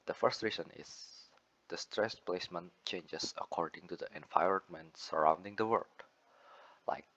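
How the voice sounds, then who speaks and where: Deep-voiced young man presenting. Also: moderate pace, fairly bright tone. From Indonesia. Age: young adult. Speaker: student presenter. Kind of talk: class presentation on phonetics. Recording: muffled lo-fi recording.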